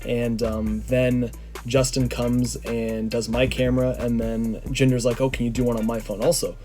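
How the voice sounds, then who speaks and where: A young man from Canada tells a story to his camera in an excitable, rambling way. He stumbles through fillers and restarts, his voice mid-pitched. Faint music plays underneath. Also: moderate pace. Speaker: vlogger.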